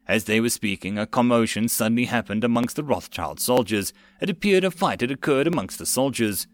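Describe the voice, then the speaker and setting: A man reading a web novel audiobook in a steady narrating voice. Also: medium pitch, a little fast, hardly any pauses, no room sound.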